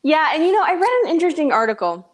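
A woman's voice: sits high, very animated, rapid-fire. A woman from Tennessee with a light Southern accent, co-hosting a casual chat full of "like" and "um". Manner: chatty, fond of fillers like "like" and "um". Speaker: podcast co-host.

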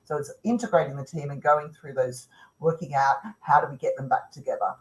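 A woman's voice: low-pitched, fairly even intonation, a little fast, rough recording. A woman co-hosting a casual video call, talking expressively through questions. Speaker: host.

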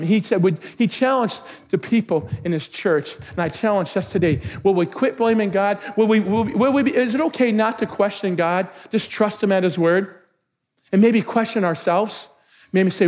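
A male pastor preaching a sermon with passion, moving from quiet, intimate talk to shouted exhortation and repeating phrases. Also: sits high, moderate pace. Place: church sanctuary. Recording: long church hall reverb.

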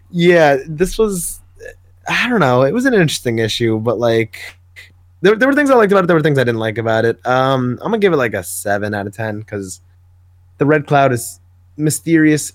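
Male podcast co-host, middle pitch, dry close sound; casual comics recap with animated asides and brief character voices. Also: no echo. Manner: animated retelling with quick put-on character voices. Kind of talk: casual comic book review chat.

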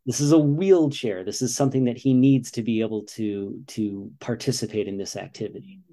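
Man in his forties, American, mellow warm voice, earnest, explaining patiently. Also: medium pitch, fairly quick. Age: 40s. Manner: earnest, explaining with repeated "you know". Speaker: guest, father and runner. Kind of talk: casual interview talk.

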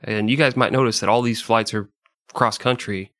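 A man's voice: lowish voice, fairly even intonation, normal speed, a bit bright, no room sound, studio quality. A man hosting a casual podcast, reading historical passages aloud and laughing often between them. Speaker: podcast host.

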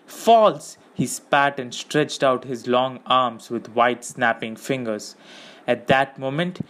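A man narrating an audiobook with steady, measured reading. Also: mid-range voice.

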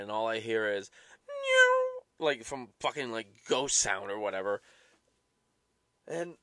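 A man's voice: medium pitch, bright, forceful tone, dry recording, clean studio sound. A young man ranting casually and profanely as a podcast host, exasperated and swearing often. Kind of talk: casual rambling rant.

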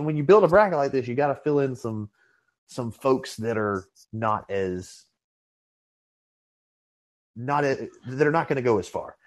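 A man hosting a casual podcast, talking in a relaxed way with fillers and restarts. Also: mid-range voice. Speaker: podcast host. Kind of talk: casual chat.

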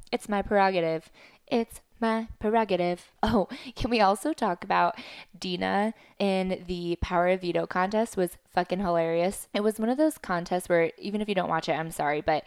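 A woman's voice: lowish voice, clean tone, no echo. A young adult woman hosting a podcast, recapping reality TV in a chatty, profane style full of asides. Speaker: podcast host. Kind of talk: casual reality TV recap monologue.

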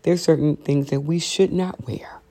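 A woman's voice: deep voice, fairly even intonation, measured pace, warm tone. A woman vlogger giving a blunt, sassy opinion monologue to camera, chatting casually from home with lots of "you know"s. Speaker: vlogger hosting her own talk show. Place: at home, seated with coffee.

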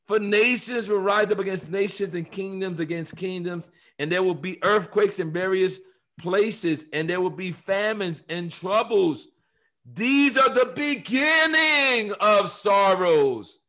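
A man teaching the Bible on a podcast, emphatic and preachy, reading scripture aloud and sometimes rising to shouts. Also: sits high, fairly even intonation, a little slow.

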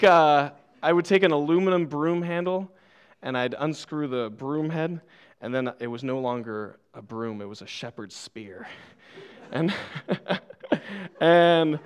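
A young man giving a church sermon in a smooth, clear voice that sits a bit high for a man. He tells stories on himself and laughs easily, drifting from playful asides to plain teaching. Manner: playful, laughs often, self-deprecating. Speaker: preacher.

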